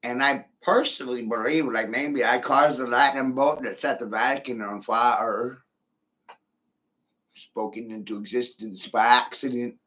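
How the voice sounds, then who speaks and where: Slow, bright-voiced sardonic man streaming. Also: mid-range voice, fairly even intonation. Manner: sardonic, laughs between remarks, swears freely. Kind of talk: rambling livestream monologue. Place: seated in a chair.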